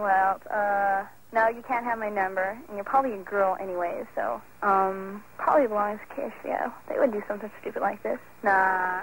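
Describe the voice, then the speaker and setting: A woman talks loosely into a phone, leaving a long, wandering voicemail. She speaks at a middle pitch, strings her thoughts together with lots of fillers and casual slang, and a faint hiss sits behind her. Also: rough recording. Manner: chatty, filler-heavy, laid-back slang. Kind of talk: rambling casual phone message. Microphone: phone line.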